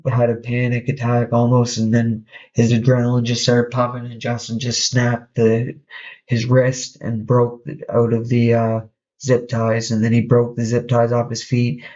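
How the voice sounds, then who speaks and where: A man hosting a podcast, casually telling a story in a halting way, with frequent restarts. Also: medium pitch, a little mellow, muffled recording. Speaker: podcast host.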